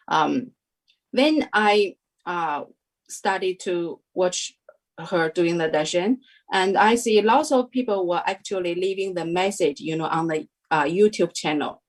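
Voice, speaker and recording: A young woman telling her story as a guest, slowly and hesitantly, in careful non-native English with many pauses and fillers. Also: fairly low pitch. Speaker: guest sharing a testimony. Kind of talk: casual spoken testimony.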